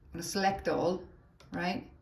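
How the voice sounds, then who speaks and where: A woman's voice: on the low side, fairly even intonation, normal speed, creaky, echoey room. A woman leading a live phone tutorial for teachers, chatty and thinking aloud as she taps through the steps. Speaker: teacher trainer.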